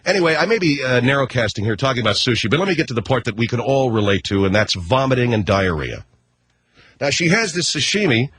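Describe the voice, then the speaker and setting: A middle-aged man telling a story on the radio in an animated, slangy way. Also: mid-range voice, fast, slight background noise. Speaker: radio host. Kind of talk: storytelling monologue.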